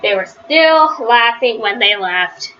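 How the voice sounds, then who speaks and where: A woman reading a children's picture book aloud, with a lively delivery that rises high on the characters' shouts. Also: slow, highs cut off, faint music behind. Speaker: storybook reader.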